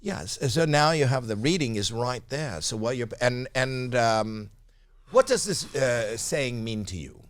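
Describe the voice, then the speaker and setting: A man's voice: medium pitch, animated, unhurried. A man co-hosting improvised comedy banter, playful and silly. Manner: playful, silly, swoops into goofy exclamations. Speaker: co-host.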